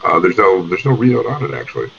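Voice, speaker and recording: Brief: man, game master, rambling casual narration, very low voice. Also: big pitch swings, fast talker, vocal fry, crowd noise. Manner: casual and rambling, many fillers. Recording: dull lo-fi audio.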